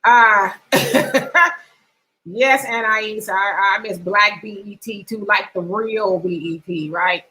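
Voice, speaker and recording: Bright-voiced woman reading chat comments. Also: mid-range voice, takes it slowly, low-quality recording. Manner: laughs often, reads comments aloud with asides. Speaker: livestream host reading viewer comments. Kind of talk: casual chat.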